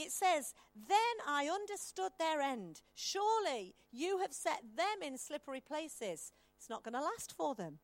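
A woman's voice: high voice, no room sound. A woman preaching a sermon, reading long scripture passages aloud and stopping to explain them to the congregation.

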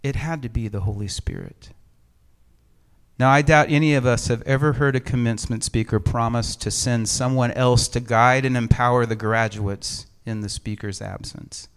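Male pastor, middle-aged, smooth resonant voice, measured reflective sermon, gentle humor. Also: mid-range voice, steady tone. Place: empty church sanctuary.

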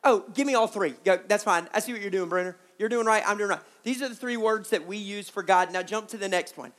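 A preacher giving a sermon at a youth camp, with joking asides to the crew and audience, slowing down to stress key words. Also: mid-range voice, a bit bright. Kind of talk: sermon with slides.

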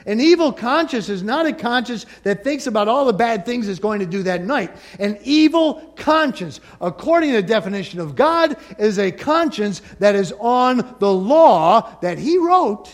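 Male pastor mid-sermon, high and expressive, playful energy, works the room. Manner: animated preaching, rising and falling emphasis, call-and-response asides.

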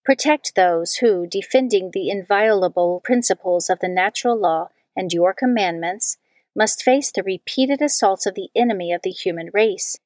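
Woman reader, solemn liturgical reading, mid pitch, dead-dry studio sound. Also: moderate pace, darkish tone, no room sound. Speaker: scripture reader.

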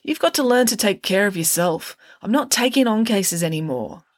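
A woman voicing a glum, blunt, brilliant teenage schoolgirl in a storybook reading, curt and deadpan. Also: medium pitch, moderate pace, dry recording, clean studio sound, voice pushed up, lightly acted.

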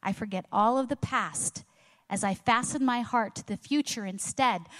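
Woman pastor, middle-aged, earnest sermon delivery; church auditorium with long reverb. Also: mid-range voice. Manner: earnest preaching with rhetorical questions. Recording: long reverb of a large hall.

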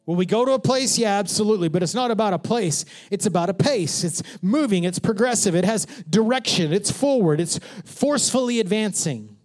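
Energetic pastor preaching with humor. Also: male voice, high-pitched, a little fast, few pauses. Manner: humorous, swings from hushed whispers to shouts. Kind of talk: sermon.

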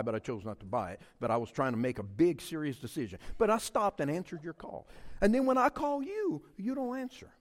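A man's voice: a little high, big pitch swings, a little fast, fairly bright tone. A middle-aged man, preaching a humorous storytelling sermon and acting out his own story with mock quotes and sounds. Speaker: pastor. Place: church sanctuary. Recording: long hall reverb.

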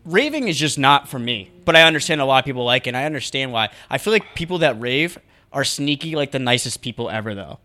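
A man's voice: mid-range voice, expressive, quick pace, sharp tone. A young man co-hosting a casual podcast, rambling through his points with frequent restarts and laughs. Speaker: podcast co-host. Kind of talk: casual chat. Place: small hot home studio.

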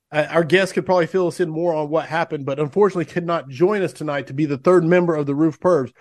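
A man's voice: a little high, fairly even intonation, fast talker, hardly any pauses, a little mellow. A man hosting a podcast, reading guest introductions and sponsor plugs in an upbeat, gushing way with small fillers. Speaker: podcast host. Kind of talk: show intro and sponsor reads.

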